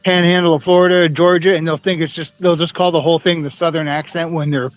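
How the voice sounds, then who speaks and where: A man's voice: fairly high pitch, flat delivery, fast, soft background music. A man from New England chatting in a writers' discussion in a matter-of-fact, conversational way. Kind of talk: casual chat.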